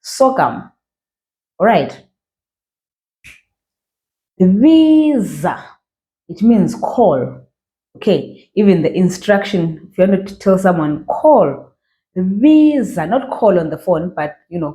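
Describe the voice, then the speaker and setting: This woman from Zimbabwe, a language teacher, gives a slow pronunciation lesson to beginning readers. She draws out every model word with patience and checks in using "okay" and "all right," her lowish, dark-toned voice animated and slightly unhurried.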